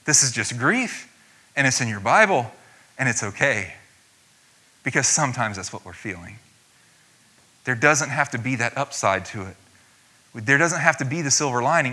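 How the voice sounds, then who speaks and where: A man gives an earnest sermon in a relaxed, conversational way. He reads long scripture passages aloud and often trails into fillers and restarts. His voice has a bright, forward tone at an ordinary middle pitch. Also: moderate pace, long pauses, slightly rough. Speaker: preacher.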